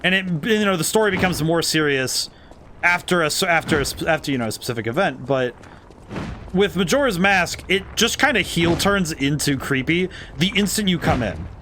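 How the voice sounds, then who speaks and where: A man's voice: a little high, lively intonation, normal speed, pushed and bright, slight background noise. A man streaming a game, musing thoughtfully and rambling as he corrects himself mid-sentence. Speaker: game designer streaming gameplay. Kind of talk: casual livestream commentary.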